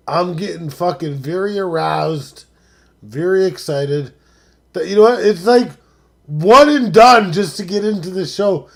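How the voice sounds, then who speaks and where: A man hosting a live stream, talking casually and profanely, dropping to mutters and then rising to excited shouts. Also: a little high, a little slow.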